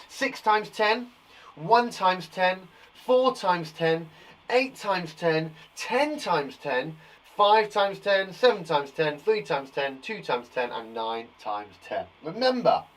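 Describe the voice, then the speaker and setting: A man's voice: a little high, a bit bright, poor audio. Upbeat male teacher. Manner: encouraging, chatty and reassuring. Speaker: primary school teacher. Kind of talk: live children's maths lesson.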